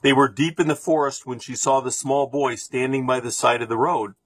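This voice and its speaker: Man reading a storybook aloud: husky, steady, expressive, dry close recording. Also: mid-range voice, a little fast, no room sound. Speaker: reader.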